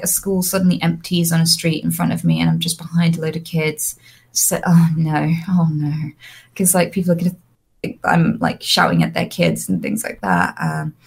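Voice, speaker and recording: Young woman telling lively stories. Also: on the low side, gravelly. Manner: lively anecdotes, frequent fillers and restarts. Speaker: interview guest, streamer. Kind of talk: casual storytelling.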